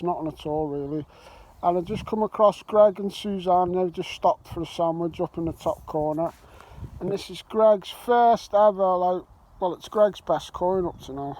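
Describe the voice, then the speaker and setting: A man's voice: high voice, darkish tone. A man narrating a casual metal detecting vlog in an open field, chatting cheerily while he films. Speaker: metal detecting vlogger filming the hunt. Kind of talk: casual on-camera chat. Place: open farm field outdoors. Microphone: handheld camera. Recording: outdoor noise in a field.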